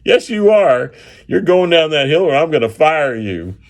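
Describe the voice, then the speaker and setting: A man voicing an agitated, bossy middle-aged drilling manager who bursts out in excited, insistent outbursts. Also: a little high, normal speed, pitched above the performer's own voice. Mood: angry.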